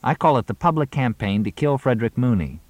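A man voicing a sharp-tongued young woman who is an actress, wry and teasing. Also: medium pitch, animated, no echo, pitched above the performer's own voice, close to an everyday voice. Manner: mocking, theatrical, quick-witted.

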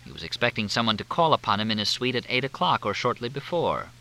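A man's voice: mid-range voice, big pitch swings, fast, bright, forceful tone, rough recording. A man reading aloud, voicing a wry, probing male investigative reporter.

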